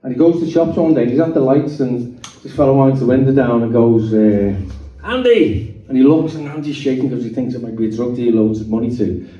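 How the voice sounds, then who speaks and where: A man's voice: medium pitch, fast talker. A man giving his testimony to a live audience, telling stories animatedly and acting out the voices in them. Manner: animated storyteller acting out dialogue. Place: meeting hall. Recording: dull, roomy sound from a distant mic.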